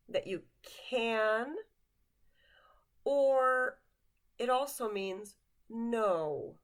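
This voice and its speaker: A woman leads a vocabulary lesson at a very slow, deliberate pace. Her pitch rises and falls in a lively way as she repeats each word and coaxes the listener to say it with her. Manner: patient, drills each word slowly for the learner to repeat. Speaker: language teacher.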